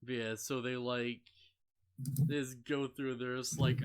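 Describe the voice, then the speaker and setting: A man's voice: mid-range voice, level tone, measured pace, clear, resonant tone. A young man co-hosting a casual podcast, rambling with lots of fillers and laughing often as he recaps an anime. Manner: rambling, laughs often, many "like" fillers, mock voices for characters. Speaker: podcast co-host.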